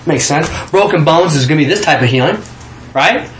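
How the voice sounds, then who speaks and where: A man's voice: a little high, expressive, brisk, fairly bright tone, roomy sound, rough recording. A man from Kansas telling a personal testimony in a casual storytelling way, acting out the quoted voices with frequent restarts. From Kansas, USA.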